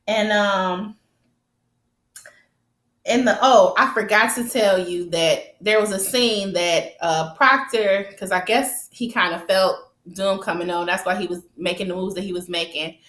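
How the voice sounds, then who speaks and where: A woman's voice: mid-range voice, measured pace, reverberant. A woman recapping a TV episode in casual, slangy chat, speaking straight to her viewers and acting out scenes with sound effects. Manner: animated storytelling with sound effects and laughter.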